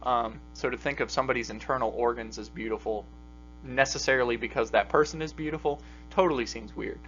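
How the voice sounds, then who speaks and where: A man's voice: mid-range voice, a bit bright, soft background music. A man teaching a logic class in a casual, filler-heavy lecture style. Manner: casual, many fillers and pauses. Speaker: logic instructor. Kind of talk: recorded lecture. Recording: dull lo-fi recording with faint mains hum.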